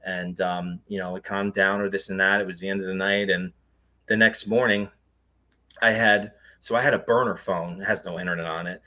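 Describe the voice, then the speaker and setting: A man's voice: low voice, fairly even intonation, normal speed, pushed and bright. A man, a guest on an interview show, earnestly recounting a personal experience in a rambling way, full of fillers and restarts. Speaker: guest, paranormal investigator.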